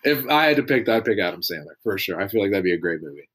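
A man chatting as a podcast guest, relaxed, with fillers and easy laughter. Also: low voice, rapid-fire, husky. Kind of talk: casual chat.

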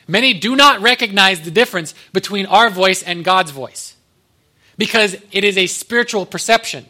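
A man's voice: high-pitched, pushed and bright. A man pastor giving a conversational sermon, with joking asides to the congregation.

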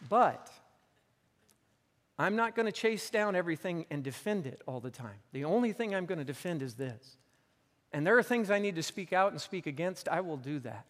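A man's voice: sits high, expressive, moderate pace, fairly bright tone, long reverb tail, some chatter behind. A man preaching a sermon as pastor on a church stage, telling a story earnestly and repeating phrases for emphasis.

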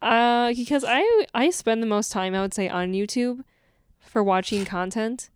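A woman's voice: on the high side, lively intonation, measured pace, a little hiss or hum. A woman co-hosting a podcast in casual chat, talking in a meandering, chatty way. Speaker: podcast co-host.

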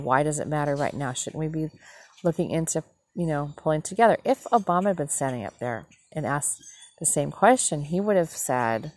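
A woman's voice: low voice, a little hiss or hum. A woman host giving a frank, indignant casual monologue, swearing freely. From Northern United States. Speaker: podcast host.

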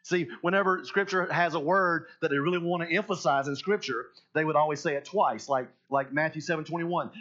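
A pastor preaching a sermon in an emphatic way, swinging between hushed and loud. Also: male voice, on the high side, a little fast, hardly any pauses, muffled recording.

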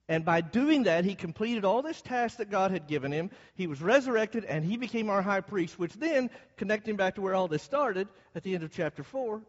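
A man's voice: high voice, big-room sound, lo-fi sound. A man preaching a Bible class, explaining the text and asking his listeners questions as he goes. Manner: asks the audience questions as he explains.

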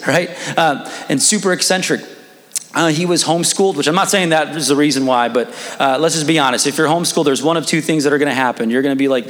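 A man's voice: fairly high pitch, big-room sound. A young man in his twenties, a pastor telling a personal story in a casual, rambling sermon with frequent restarts.

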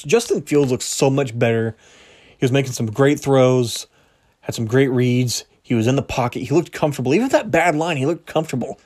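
A man's voice: medium pitch, a little mellow. Casual young man, slightly strained voice. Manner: casual, rambling, self-correcting, laughs at himself. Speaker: podcast host. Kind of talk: solo sports podcast power rankings.

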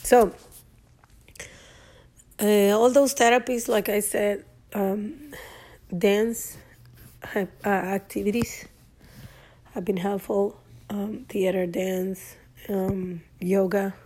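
Female guest; slow, halting delivery, mellow timbre. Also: medium pitch, steady tone. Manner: hesitant, many fillers and restarts. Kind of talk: casual conversational talk.

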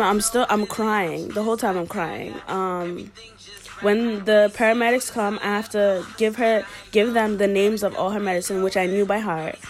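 A woman earnestly telling a personal story, halting and emotional as she speaks. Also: mid-range voice.

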